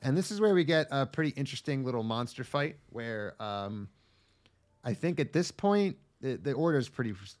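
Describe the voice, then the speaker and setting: A man's voice: medium pitch, animated, moderate pace, darkish tone. A man co-hosting a podcast, recapping an anime in a rambling, crude, casual way with lots of ums and restarts. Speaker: podcast co-host.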